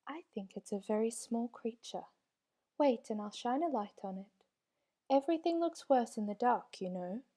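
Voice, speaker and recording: A woman voicing a calm, caring troll mother, reassuring and motherly, in a storybook reading. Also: a little high, moderate pace. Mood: soothing.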